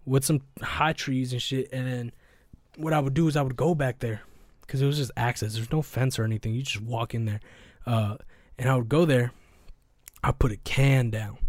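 A young man with a medium-pitched voice hosts a podcast in clean, dry studio sound. He chats casually and tells stories, rambling with slang, profanity and lots of fillers.

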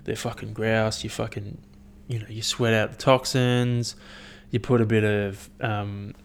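A man's voice: on the low side, level tone, measured pace, a little hiss or hum. Profane, rambling young man. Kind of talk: casual solo rant.

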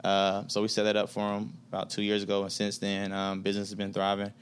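A man from Atlanta speaks in a very deep, fairly flat voice that stays smooth and clear. He tells his stories in a relaxed, slangy way and acts out the lines of the people he quotes. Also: quick pace. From Atlanta, USA. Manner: laid-back storyteller, slangy, acts out quoted dialogue. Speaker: podcast guest, business executive. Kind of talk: casual podcast conversation.

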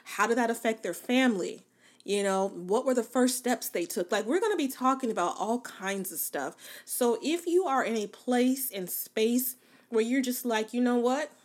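A woman's voice: on the high side, moderate pace. A woman hosting her own podcast, telling a story in a chatty, colloquial way, laughing often and talking straight to her listeners. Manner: animated, playful asides to listeners. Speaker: podcast host. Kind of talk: casual storytelling monologue.

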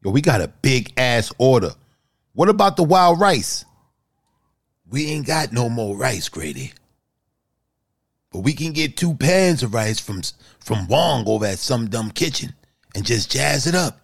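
A man voicing a brash young male line cook who talks loud, slangy kitchen talk in a comedy sketch. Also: medium pitch, sing-song, a little slow, gravelly, long pauses, heavily acted. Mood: hustling.

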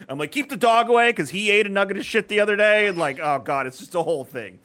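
A man in his thirties, co-hosting a casual podcast, telling a story with lively acted-out voices and free swearing. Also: high voice, fast talker. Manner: animated storyteller who acts out voices loudly; swears freely. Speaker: podcast co-host. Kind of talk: casual chat.

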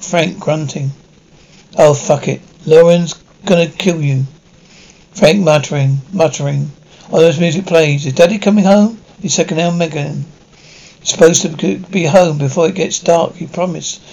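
A man reading a television episode script aloud, stage directions and sound cues included, all in one even voice. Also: fairly high pitch, moderate pace, gravelly, rough recording. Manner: reads every part and cue in one even voice. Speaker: script reader.

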